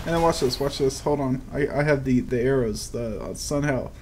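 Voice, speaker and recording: A man's voice: medium pitch, normal speed, a little mellow. Brief: young male gaming host, crude jokey play-by-play, easily annoyed, noisy background. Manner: profane, joking, easily frustrated. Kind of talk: casual gameplay commentary. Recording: audible background noise.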